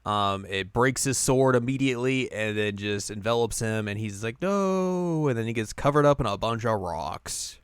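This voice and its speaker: Smooth-voiced man recapping anime. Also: on the low side, moderate pace, hardly any pauses, no room sound. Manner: playful recapping, acting out characters' lines in silly voices. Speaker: co-host recapping an anime episode. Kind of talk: casual chat.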